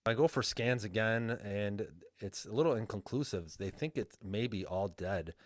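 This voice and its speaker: A man's voice: lowish voice, unhurried, no room sound, clean studio sound. A man speaking as a guest coach in a casual podcast interview, earnest and open in a plain-spoken way.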